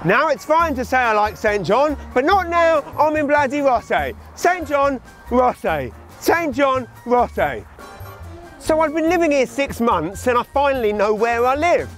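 Exasperated English comedian, high animated voice. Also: male voice, normal speed, faint music behind. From England. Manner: exasperated, sarcastic storytelling. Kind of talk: comic monologue.

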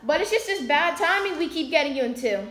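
A woman's voice: high-pitched, lively intonation, a little fast, a bit bright, reverberant. A woman hosting a video, telling a playful story to her viewers and laughing often. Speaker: video host.

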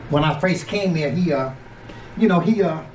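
An older man from Georgia, USA, a home cook and channel host, runs a casual cooking vlog where he chats playfully and folksily, calling his viewers closer. His voice is fairly high for a man with a darkish tone at normal speed, and a faint hum of noise runs beneath the recording.

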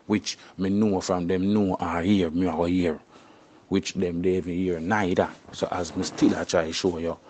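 A man's voice: low voice, little pitch movement, normal speed, darkish tone, slight background noise. A young Jamaican man speaking in patois in a casual interview, tagging his phrases with "you see me" and "you know".

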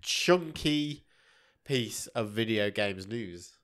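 Husky, bunged-up man co-hosting a podcast. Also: on the low side, animated, extremely slow, a bit bright. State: congested with a cold. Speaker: podcast co-host. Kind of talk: casual chat.

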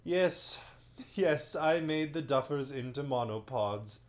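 A man's voice: fairly high pitch, expressive, normal speed, a little mellow, voice pushed up, close to an everyday voice. A man voicing an amused, kindly old male magician in a bedtime story.

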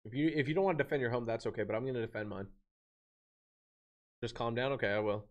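Excitable young-sounding gaming streamer, slangy. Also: male voice, mid-range voice, quick pace. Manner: loud hype outbursts, slangy and excitable, reads donations aloud. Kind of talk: live-stream chat while gaming.

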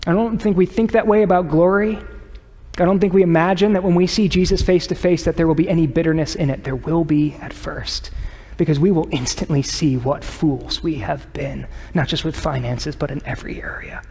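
A man preaching a sermon as pastor, earnest and conversational, at times dropping to a hushed voice. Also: fairly high pitch, steady tone, fairly quick, gravelly. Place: church sanctuary. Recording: long church reverb.

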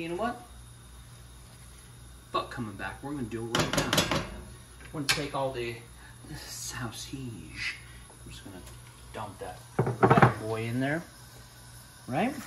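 A man's voice: medium pitch, fairly bright tone, a little hiss or hum. A man hosting a casual home cooking demonstration, talking loosely and cursing as he hypes up the food in his kitchen. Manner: loose, swearing, hyped-up kitchen banter. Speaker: cooking show host. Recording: roomy sound, mic at a distance.

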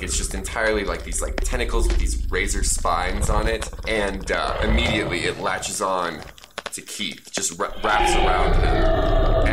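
A man running a tabletop game as dungeon master, telling the story in a lively way with lots of fillers. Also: sits low. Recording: noisy podcast recording.

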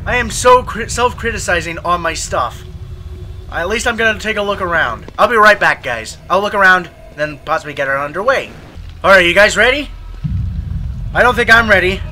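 A young man commentating a horror game, hoarse from screaming, who yells and swears at scares and mutters between them. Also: high voice, lively intonation, moderate pace, slight background noise. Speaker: gaming video host.

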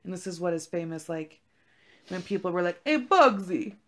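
A woman's voice: fairly low pitch, little pitch movement, a little fast, darkish tone. Casual, profane young woman storyteller. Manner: profane, laid-back storytelling with lots of "like". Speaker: podcast co-host. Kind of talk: casual chat.

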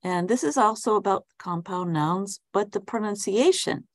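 A woman's voice: mid-range voice, moderate pace. A woman teaching an online English class over a video call, talking hesitantly with frequent ums and restarts while asking students friendly questions. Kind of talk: casual online class talk.

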